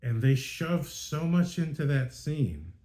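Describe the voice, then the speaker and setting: Exasperated man with a mellow voice. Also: fairly high pitch, sing-song, takes it slowly. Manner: exasperated, ranting, lots of fillers and restarts. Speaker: podcast host. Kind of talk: casual spoken movie review.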